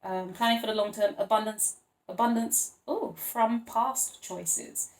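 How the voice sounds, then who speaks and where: A woman's voice: a little high, steady tone, a little slow, echoey room, low-quality recording. A woman giving a casual tarot reading to camera, playful and rambling, laughing often and calling her listeners honey and babes. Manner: playful, rambling, chatty, with frequent laughs and fillers. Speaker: tarot card reader.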